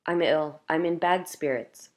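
A woman reading the part of a troubled, frightened village priest who speaks abruptly and haltingly. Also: low voice, a little mellow.

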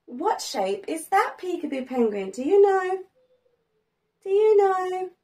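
Slow, very high, sing-song woman teaching toddlers. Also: lively intonation, darkish tone. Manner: sing-song, gasps for effect, lots of praise. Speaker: preschool teacher, host. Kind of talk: children's educational video.

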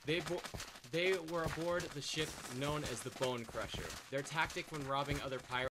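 A young man hosting an online game show, telling a pirate backstory in a slow, hushed way over voice chat. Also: a little high. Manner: slow, hushed storytelling with trailing ends. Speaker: host of a game show on a server. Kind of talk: storytelling game-show intro. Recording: voice chat with faint noise.

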